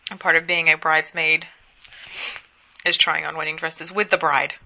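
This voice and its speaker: A woman's voice: low voice, little pitch movement, normal speed, vocal fry, sharp tone. A sleepy young woman chatting casually at home as a solo podcast host, gossiping and rambling with asides. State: sleepy, yawning.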